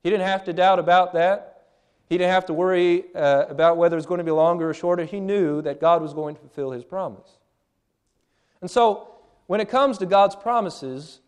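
Man, thirties, preacher, sermon, earnest, plain-spoken, restarts often, slightly high voice. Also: clear, resonant tone.

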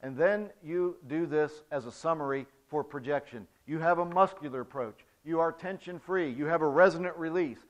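A man giving a demonstrative spoken voice lesson to a church congregation, moving from soft to loud to show his points. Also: on the high side, normal speed, hardly any pauses. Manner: demonstrative, explains with physical examples, swings from soft to loud. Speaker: church music director teaching singing. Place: church sanctuary. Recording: dull lo-fi recording.

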